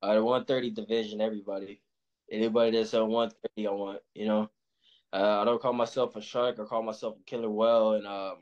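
A man's voice: on the low side, a little mellow. A young man from Los Angeles, a pro boxer, chatting casually in an interview in a laid-back, slangy way. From Los Angeles, USA. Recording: muffled lo-fi sound.

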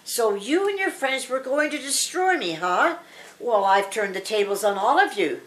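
A woman's voice: very animated, moderate pace. A woman voicing a cruel, gloating wicked witch in a storybook reading. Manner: taunting, then shrill wailing as she melts.

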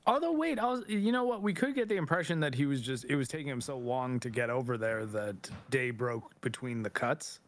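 A man's voice: mid-range voice, expressive, fairly quick, few pauses. A man co-hosting a casual film discussion, thinking aloud and hedging his points.

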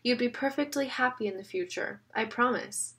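A woman reading aloud as a sarcastic, smooth-talking villain, a middle-aged man with a mocking, wheedling manner. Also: fairly high pitch, normal speed, fairly bright tone, voice pushed up, lightly acted. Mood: coaxing. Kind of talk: audiobook reading.

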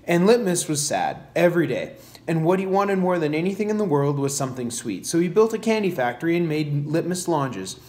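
A man reading aloud, voicing an outspoken, eager young girl with a lively delivery. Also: on the high side, fairly quick. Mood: earnest. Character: spirited ten-year-old girl, outspoken.

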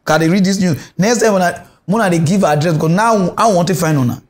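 A man's voice: sits high, a little fast. A man with a Nigerian Pidgin accent hosting a comic mock news show, rambling and teasing as he mixes Pidgin and English. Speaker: comedy show host.

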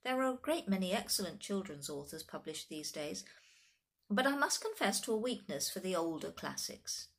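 Woman putting on a tiny know-it-all boy, stiff and formal, lively ups and downs. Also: medium pitch, moderate pace. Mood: precise, formal. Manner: formal, severe, precise. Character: precocious pompous little boy, nearly five.

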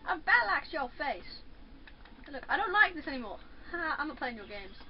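A woman giving excitable let's play commentary while playing a fighting game, chattering, yelping and taunting. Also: high-pitched, fairly quick. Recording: muffled lo-fi with faint hiss.

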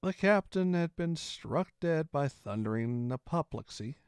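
A man reading a classic adventure novel aloud in expressive first-person narration. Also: fairly high pitch, unhurried, clear, resonant tone, dry recording, studio quality. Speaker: storyteller.

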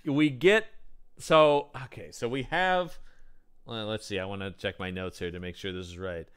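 A man co-hosting a podcast, retelling a film in casual chat as an animated storyteller who slips into exaggerated voices. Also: fairly low pitch, normal speed, smooth. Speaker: podcast co-host. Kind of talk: casual movie-review chat.

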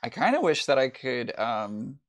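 A playful man co-hosts a sewing stream, bantering and reading viewer comments aloud. His voice is lively and jumps around in pitch, with a goofy streak. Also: a little slow. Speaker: co-host. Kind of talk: casual banter, reading chat.

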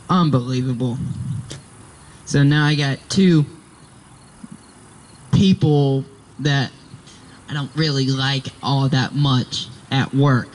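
A man's voice: mid-range voice, slight background noise, low-quality recording. A young man telling a rambling, exasperated story about work in a casual vlog. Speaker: vlogger.

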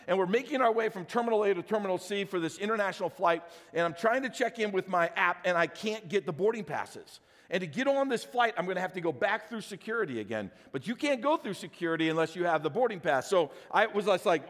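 A man's voice: sits high, quick pace, long reverb tail. A middle-aged man, a pastor, telling a joking personal story in his sermon and talking straight to the congregation. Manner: animated, jokey, talks straight to the congregation. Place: church sanctuary.

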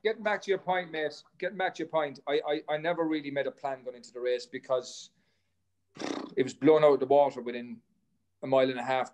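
A man, a former runner, telling rambling stories as a podcast guest, swearing casually and restarting his sentences. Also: mid-range voice. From Ireland. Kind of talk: casual storytelling chat.

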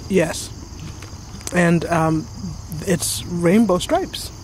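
A woman's voice: fairly low pitch, very slow, a little mellow, a little hiss or hum, low-quality recording. A woman co-hosting a casual podcast chat in a chatty, playful way. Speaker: podcast co-host. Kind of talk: casual conversation.

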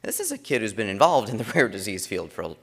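A man's voice: on the low side, wildly swooping pitch, fast talker, breathy edge. A man giving opening remarks as conference chairman, telling stories in a loose, conversational way with frequent restarts, in a large conference room. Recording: long reverb of a conference hall.

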